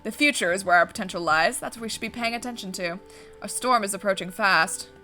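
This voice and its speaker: A woman's voice: mid-range voice, quick pace, bright, forceful tone, soft background music, natural voice. A woman voicing a suave fox detective. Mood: smooth. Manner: smooth, formal, courteous. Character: suave male fox private investigator.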